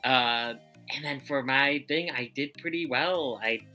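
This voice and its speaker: A woman's voice: rumbling low, a little slow, over music. A woman talking casually about film in a hesitant, self-correcting way.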